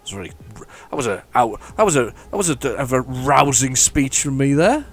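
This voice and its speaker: A man's voice: mid-range voice, big pitch swings, moderate pace, faint music behind. A man giving chatty, mock-heroic commentary while playing a driving game. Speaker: gaming channel host. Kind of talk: casual gameplay commentary.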